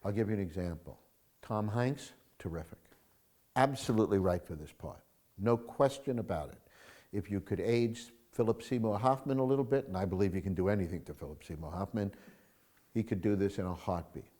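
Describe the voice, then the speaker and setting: A man, a screenwriter, answering interview questions in an emphatic, animated storytelling manner. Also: fairly low pitch, fairly quick.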